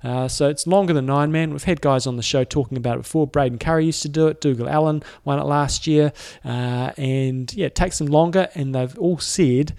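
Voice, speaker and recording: A man's voice: a little high, a little fast, hardly any pauses, darkish tone. A man co-hosting a sports podcast, talking casually and rambling with fillers and restarts. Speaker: podcast co-host. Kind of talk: casual chat.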